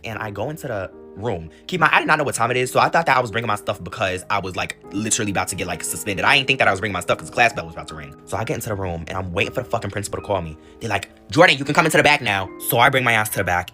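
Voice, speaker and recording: Rapid-fire, profane young man storyteller. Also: fairly low pitch. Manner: profane, animated, rambling storytelling. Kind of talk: casual storytime.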